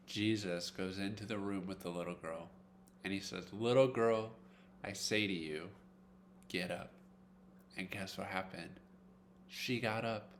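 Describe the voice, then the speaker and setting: Children's ministry teacher, male, lower voice, energetic storyteller, faint hum. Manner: lively storytelling to kids, acting out quotes. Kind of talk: children's Bible lesson.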